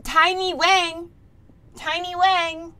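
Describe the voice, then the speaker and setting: Giggly high-voiced woman streamer. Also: flat delivery, very slow, pushed and bright. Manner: giggly, laughs often and reads chat names aloud. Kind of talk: casual live-stream chat.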